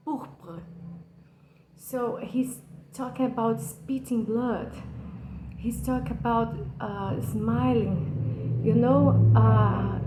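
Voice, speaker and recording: A woman with a fairly high-pitched voice explains a poem for her channel, speaking English as a second language with a Brazilian Portuguese accent; she's from Brazil. Her slow, earnest talk is passionate but hesitant, with many fillers and restarts, recorded in an echoey room against a noisy background.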